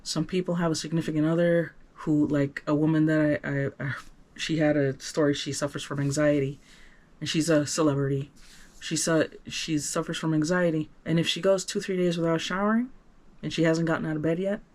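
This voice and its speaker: Man, higher-pitched voice, earnest rambling vlog monologue, restarts a lot, swings from soft to emphatic. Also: level tone, brisk. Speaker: vlogger. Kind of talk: candid personal vlog monologue.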